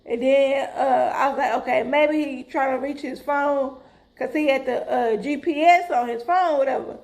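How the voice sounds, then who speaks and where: A middle-aged woman tells a story straight to her viewers. Her voice sits high and she talks in a lively, dramatic way, calling out to them as "y'all". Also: normal speed. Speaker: vlogger. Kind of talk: casual storytelling to camera.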